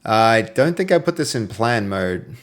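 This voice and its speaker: A man with a fairly low-pitched voice talks through his game design work on a live stream. He thinks aloud as he goes, filling pauses with "um", and stops to answer messages from viewers. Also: big pitch swings. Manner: thinks aloud with many "um" fillers. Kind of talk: live-streamed development commentary.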